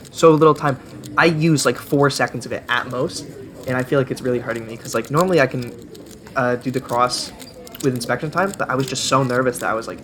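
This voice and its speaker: A man's voice: mid-range voice, noisy background. Chatty self-deprecating young man. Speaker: vlogger. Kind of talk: casual voice-over commentary.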